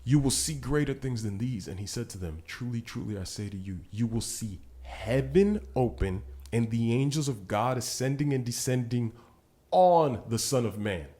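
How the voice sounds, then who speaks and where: A man co-hosting a podcast, casually teaching through a Bible passage and often checking in with "right?", growing animated as he retells the scenes. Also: mid-range voice, normal speed. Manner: gets animated when retelling scripture. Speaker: podcast co-host.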